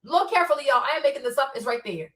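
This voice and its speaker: A woman's voice: high voice, animated, racing, fairly bright tone, echoey room, distant mic. A woman streamer commenting on footage in a casual, insistent way, repeating herself as she points out details step by step.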